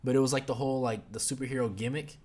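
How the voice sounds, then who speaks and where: A man's voice: medium pitch, fairly even intonation, rapid-fire, darkish tone. A young man hosting a podcast, chatting casually about a show in a rambling, profane way full of fillers. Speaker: podcast host. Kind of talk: casual review chat.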